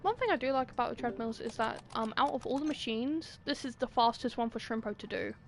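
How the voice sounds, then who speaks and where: A woman's voice: on the high side, animated, brisk, vocal fry, a little hiss or hum. A young British woman livestreaming a game, chatting and pleading with the characters in an exasperated way. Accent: British English. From Britain. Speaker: streamer. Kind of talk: gaming commentary.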